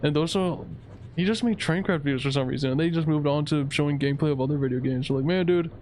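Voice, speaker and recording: A man's voice: a little high, quick pace, darkish tone, slight background noise. Laid-back young man narrating gameplay. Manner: rambling, laid-back, says "dude" a lot. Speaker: gaming video creator. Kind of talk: casual gameplay commentary. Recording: faint game music behind. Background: game music.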